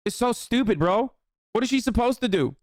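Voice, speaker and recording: A man's voice: very high-pitched, expressive, a little fast, a little mellow, no echo, clean studio sound. A man casually riffing as a streamer, reacting to posts with mocking, profane commentary.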